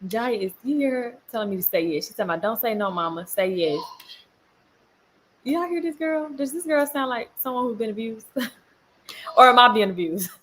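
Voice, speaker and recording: A young woman and mother chatting casually with viewers on a livestream, animated and laughing often, breaking off to tell her toddlers off. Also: a little high, a little fast, a little hiss or hum. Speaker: mom vlogger on a livestream.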